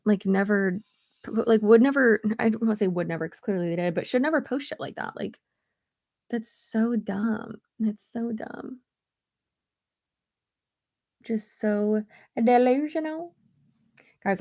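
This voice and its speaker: A woman's voice: mid-range voice, vocal fry, a little mellow, no echo, studio quality. A woman chatting casually on a livestream while getting ready, blunt and sarcastic, swearing freely as she talks. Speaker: beauty YouTuber. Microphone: streaming setup at home.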